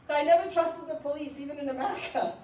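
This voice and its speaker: A woman's voice: high voice, quick pace, mellow, slight background noise. A middle-aged woman from Iran, an author telling stories to an audience at a library event, laughing often as she talks. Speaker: author speaking at a book event. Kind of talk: storytelling talk to an audience. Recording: roomy, distant mic.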